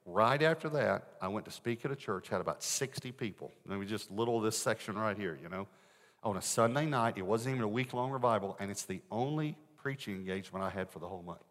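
Male preacher, lowish voice, animated storytelling, long hall reverb. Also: fast. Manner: animated, swings from loud to hushed. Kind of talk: storytelling sermon. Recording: echoey hall.

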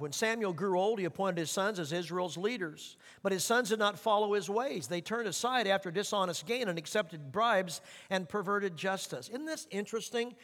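A man with a high, light voice delivers an earnest sermon, slowing down when he reads scripture aloud. His words ring out with a long reverb through a church sanctuary. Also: fairly bright tone. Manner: earnest, slows for scripture and repeats for emphasis. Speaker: pastor.

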